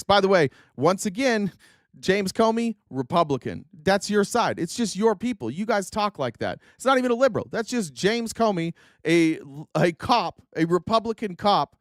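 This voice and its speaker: A man hosting a political commentary stream, sarcastic and animated as he reacts to clips. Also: high voice, no room sound, studio quality. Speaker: streamer host.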